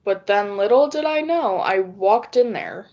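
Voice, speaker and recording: Slow-talking woman telling a story. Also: mid-range voice, lively intonation, darkish tone, lo-fi sound. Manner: rambling, frequent swearing, acts out quoted lines. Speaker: vlogger. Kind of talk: casual storytelling.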